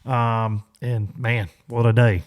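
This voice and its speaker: A man's voice: mid-range voice, level tone, slow. A man in his forties hosting a podcast, telling a story in a loose, rambling way with many fillers and restarts. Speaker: podcast host. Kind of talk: casual storytelling monologue.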